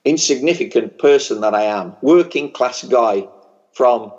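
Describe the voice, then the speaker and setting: A man's voice: medium pitch, lively intonation, measured pace, a little mellow. A man with a strong working-class English regional accent preaches fervently to a conference crowd in a mid-range voice, moving from storytelling into a rousing blessing. The recording sounds a little dull and muffled. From England. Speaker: pastor. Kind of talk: sermon. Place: large church conference hall.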